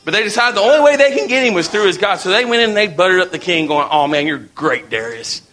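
A man's voice: high-pitched, animated, racing, pushed and bright. A man preaching a sermon in a folksy, storytelling way.

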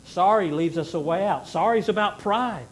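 A middle-aged man preaching a sermon in earnest, rising to loud emphasis and then dropping to a hushed plea. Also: high-pitched, normal speed, slight background noise, rough recording. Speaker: pastor.

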